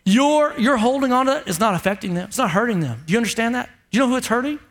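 A man's voice: extremely high pitch, lively intonation, racing, a bit bright. A man pastor preaching a sermon emphatically, asking the congregation rhetorical questions.

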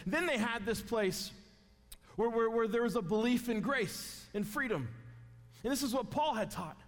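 A man preaching a sermon in a conversational, joking and emphatic way. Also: high voice. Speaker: guest preacher. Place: church sanctuary. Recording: long reverb of a large church.

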